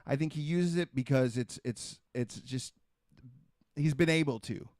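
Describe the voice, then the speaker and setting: A man's voice: mid-range voice, a little slow, darkish tone, no room sound, studio quality. A middle-aged man hosting a podcast, ranting in a heavily profane, emphatic way, repeating himself and firing off rhetorical questions. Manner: repetitive, restarts and rhetorical questions. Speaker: podcast host. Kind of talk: casual podcast rant.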